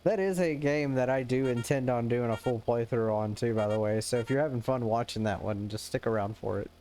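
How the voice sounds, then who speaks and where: Joking male game streamer, mid pitch. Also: fairly quick, dark tone. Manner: joking, laughs often, stammers and restarts. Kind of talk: casual live-stream chat.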